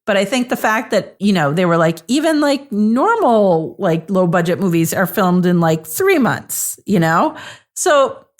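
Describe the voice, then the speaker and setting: A woman's voice: medium pitch, very animated, a little slow. Chatty woman co-host, casual podcast talk. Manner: chatty with many fillers.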